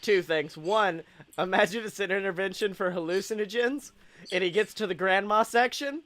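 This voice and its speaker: A man co-hosting a casual comedy podcast, excitable and profane, laughing often. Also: high-pitched, moderate pace. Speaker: podcast co-host.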